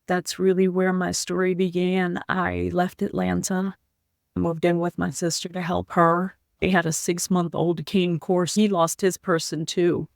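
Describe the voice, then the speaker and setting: A woman guest on a podcast, telling her personal story in an earnest, heartfelt way, in slow, halting phrases. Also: on the low side, flat delivery, vocal fry, dry recording, clean studio sound. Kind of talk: personal story told in an interview.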